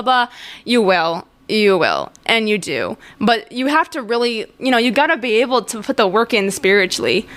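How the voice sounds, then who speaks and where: A young woman hosts her podcast in a loose, confessional chat. Her voice sits a little high, and she rambles on with plenty of fillers, restarts and breaks into laughter. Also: fairly bright tone. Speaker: podcast host.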